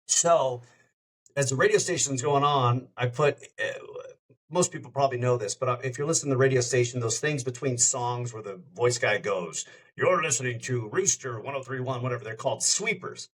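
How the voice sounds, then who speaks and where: A man who hosts a radio show, telling a story in a casual, lively way as a podcast guest. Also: mid-range voice, fairly quick, slightly rough. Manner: lively anecdote-telling, acts out quoted dialogue.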